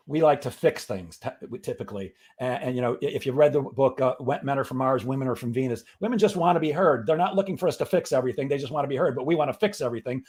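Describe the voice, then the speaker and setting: A man's voice: medium pitch, a little mellow. A middle-aged man guesting on a talk show, telling a personal story in an earnest way that builds to emphatic motivational advice. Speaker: guest, sales coach.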